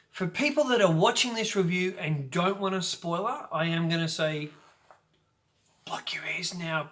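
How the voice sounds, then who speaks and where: A man hosting a casual video film review, talking in an energetic, jokey and playful way. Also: a little high. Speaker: host of a film review channel.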